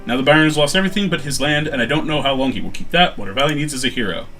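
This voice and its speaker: A man reading aloud the lines of an old, drowsy, talkative guildmaster from a computer adventure game, staying close to his own voice. The reading moves up and down in pitch. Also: expressive, rapid-fire, bright, forceful tone, soft background music. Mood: rambling.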